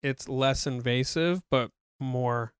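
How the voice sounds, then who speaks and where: A man's voice: medium pitch, slow, clean tone, no echo, clean studio sound. A man co-hosting a casual chat, telling a story in a wry, rambling way.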